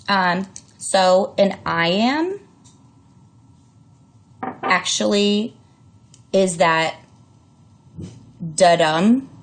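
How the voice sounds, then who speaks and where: A woman teacher giving a casual recorded distance-learning lesson, with lots of fillers and self-corrections. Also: fairly low pitch. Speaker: English teacher.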